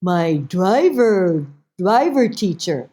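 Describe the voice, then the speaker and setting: A woman voicing her elderly immigrant mother, who speaks in slow, clipped, halting English and keeps a matter-of-fact tone. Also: lowish voice, big pitch swings, dark tone, husky, full character voice.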